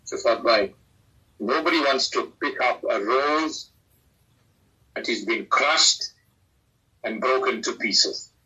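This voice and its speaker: A man's voice: medium pitch, sharp tone, husky, poor audio. A man, an Islamic scholar answering questions in an earnest, exhorting manner that rises emphatically. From South Africa. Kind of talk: preaching, lively religious talk.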